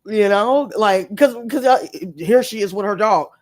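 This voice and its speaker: A woman's voice: mid-range voice, measured pace, darkish tone. A woman telling a story to her live-stream audience in casual chat, emphatic and profane as she rants. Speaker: tarot reader live-streaming.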